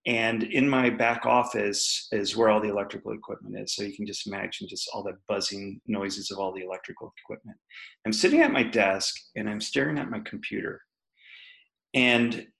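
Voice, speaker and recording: A man with a low, creaky, fairly bright voice, heard in a low-quality recording, appears as a podcast guest in an interview. He candidly shares a personal story, laughing often and acting out what people said.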